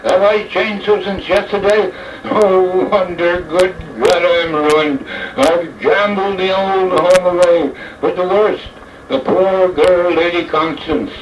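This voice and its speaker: A man's voice: high-pitched, fairly even intonation, slow pace, slight background noise. A man voicing a ruined young aristocrat who pleads in tearful, broken-hearted outbursts, in an echoey, distant, dull old recording. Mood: despairing.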